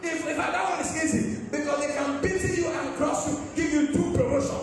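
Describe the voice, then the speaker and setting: A man's voice: very high-pitched, steady tone, a little fast. A man, a pastor preaching an emphatic sermon with call-and-response and sing-song rises. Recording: echoey hall from far off with faint music.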